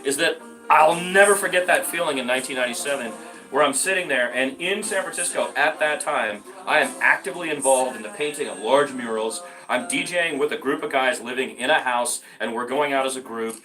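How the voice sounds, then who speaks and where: A man telling stories in a casual conversation, animated and emphatic, swearing freely and often jumping up in pitch. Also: fairly quick, recorded from a distance. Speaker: podcast guest. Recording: echoey room, off-mic, faint music.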